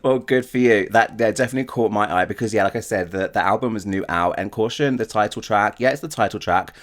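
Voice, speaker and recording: A man hosting a podcast interview, an eager fan who gushes and asks quick follow-up questions. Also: on the low side, a bit bright. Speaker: podcast host.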